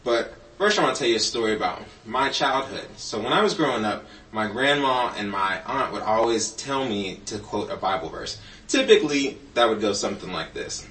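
A man gives a children's message in a church, playful and storytelling, tossing in jokey asides as he works with a puppet. His voice sits at an ordinary middle pitch. It was picked up from a distance in a roomy, echoing space. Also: expressive, a little fast, pushed and bright, slight background noise. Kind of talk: children's sermon. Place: church sanctuary. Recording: roomy, from off-mic.

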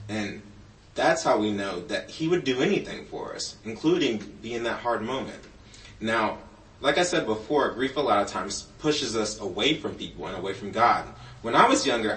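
A man's voice: medium pitch, a bit bright, far from the mic. A man giving a children's sermon in a church, telling stories playfully with a puppet and joking along the way. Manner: jokey asides. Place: church sanctuary. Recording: roomy, from off-mic.

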